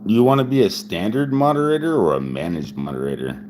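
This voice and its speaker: A man's voice: fairly low pitch, sing-song, a little fast, background noise. A man in his forties chatting casually on a live stream, rambling and repeating himself, chuckling often, with a few drinks of whiskey in him. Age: 40s. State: drinking whiskey while talking.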